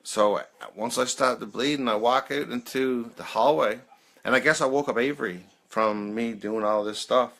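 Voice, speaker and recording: Man, thirties, live chat host, casual rambling storyteller, laughs a lot, bright tense tone, mid pitch. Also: normal speed.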